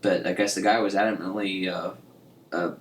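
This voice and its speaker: A man's voice: deep voice, steady tone, moderate pace. A man co-hosting a podcast, chatting casually and rambling through stories with lots of restarts and laughs. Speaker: podcast co-host. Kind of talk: casual chat. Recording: echoey room with faint hiss.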